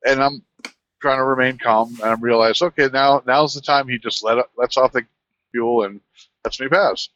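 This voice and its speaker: A man's voice: medium pitch, normal speed, long pauses, no echo. Trucker guy rambling a road story, lots of restarts, kinda lo-fi. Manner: animated, rambling anecdote with restarts. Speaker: truck driver. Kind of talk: casual storytelling.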